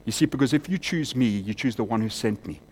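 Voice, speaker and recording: A man preaching a sermon in a church, climbing to loud emphatic peaks and then dropping to quiet, close appeals. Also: mid-range voice, lively intonation, quick pace, slight background noise.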